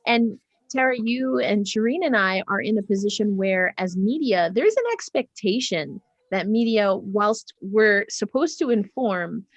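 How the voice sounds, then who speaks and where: A woman's voice: medium pitch, lively intonation, measured pace, no echo. A woman hosting a panel discussion, affirming what guests say and steering the conversation to the next speaker. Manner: affirming, paraphrases and steers the talk. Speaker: host and moderator.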